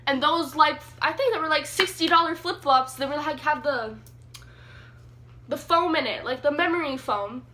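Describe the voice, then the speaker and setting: A young woman telling a story in a casual vlog, chatty and animated with lots of fillers. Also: high voice, moderate pace. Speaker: vlogger. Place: sitting on the floor indoors.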